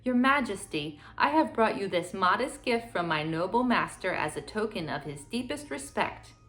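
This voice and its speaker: A woman voicing a cunning talking cat who flatters royalty in a courtly, scheming way, for a children's storybook reading. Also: mid-range voice, normal speed, natural voice.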